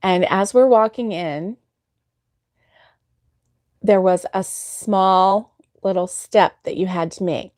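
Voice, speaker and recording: A woman's voice: mid-range voice, slow, long pauses, a little mellow, dry recording, clean studio sound. A woman hosting a crochet livestream, telling a story in casual chat and laughing often.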